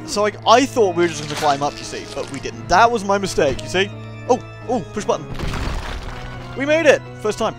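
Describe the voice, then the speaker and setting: A man giving casual, joking commentary while playing a video game, excitable and crude. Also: sits high, fairly quick, music in the background. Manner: jokey, excitable, crude humour. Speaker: let's play host.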